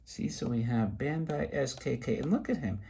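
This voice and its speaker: A middle-aged man talks through his toy collection in a loose, excitable ramble, full of asides. His voice is slightly husky. His pitch swings widely as he gets worked up. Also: moderate pace. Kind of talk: casual show-and-tell.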